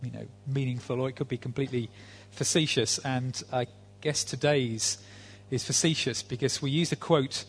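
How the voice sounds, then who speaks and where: A man's voice: mid-range voice, fairly even intonation, moderate pace, slight background noise. A man, a visiting preacher giving a sermon in a conversational, dry-humored way with frequent fillers.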